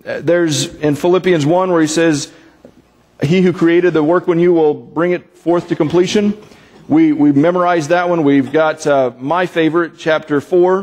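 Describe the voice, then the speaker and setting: Pastor preaching in a reverberant church. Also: male voice, a little high, steady tone, moderate pace, darkish tone. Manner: conversational, with fillers and restarts. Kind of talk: sermon. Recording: long reverb in a church hall.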